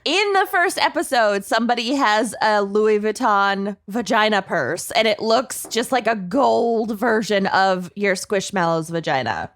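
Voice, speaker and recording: A woman's voice: medium pitch, expressive, a little slow, hardly any pauses. A woman with a Minnesotan accent co-hosting a podcast in casual chat, laughing often. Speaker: podcast co-host.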